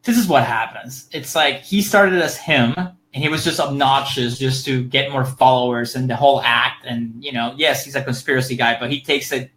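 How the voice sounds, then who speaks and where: A man's voice: medium pitch, steady tone, normal speed, hardly any pauses, a bit bright, low-quality recording. A man co-hosting a podcast in loose casual chat, laughing easily and swearing freely, speaking English as a second language. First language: not English. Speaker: podcast co-host.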